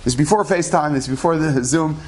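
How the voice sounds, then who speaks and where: A man telling a story in a casual, animated way, acting out the voices of the people in it. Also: a little high, brisk. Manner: animated, acts out quoted voices.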